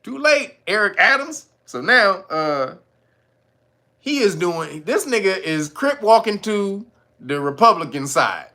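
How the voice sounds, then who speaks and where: A male host giving casual, animated commentary, swearing freely and often breaking into laughter. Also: sits high, unhurried.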